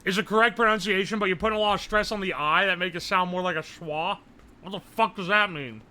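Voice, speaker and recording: A young man, chatting casually on a live stream, loud and joking, swearing often and laughing a lot. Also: high-pitched, brisk. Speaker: livestreamer.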